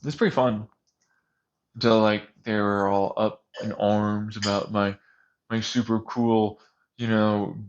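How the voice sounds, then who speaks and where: A man's voice: fairly low pitch, muffled recording. A man in a casual, rambling rant, swearing often and laughing between points. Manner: profane, laughing, animated ranting.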